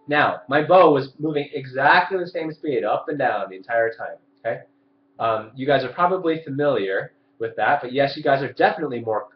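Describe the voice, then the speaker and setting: Man teaching violin over a roomy webcam. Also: mid-range voice. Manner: explains and demonstrates, asks viewers questions. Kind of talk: live webcam lesson. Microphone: webcam mic. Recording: roomy, dull webcam audio.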